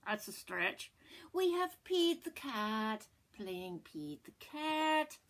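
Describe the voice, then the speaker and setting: A woman's voice: a little high, big pitch swings, slow, a bit bright. Older woman reading playfully to kids. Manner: playful, jokey, hammy voices. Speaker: storyteller. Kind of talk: children's read-aloud.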